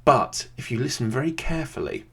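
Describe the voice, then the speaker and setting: A man, thinking aloud in casual gameplay commentary from a quiet home room, often pausing with "um". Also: medium pitch, sing-song, creaky, breathy edge. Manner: thinks aloud, chatty, many "um"s. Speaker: video creator playing a geography game. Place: quiet home room with a computer under the desk.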